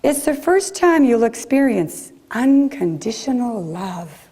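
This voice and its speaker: A woman's voice: fairly high pitch, sing-song, takes it slowly, dark tone, breathy edge, pitched above the performer's own voice, exaggerated voice. A woman putting on a light German accent to quote an elderly woman doctor in a sermon. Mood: serene. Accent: German (imitated).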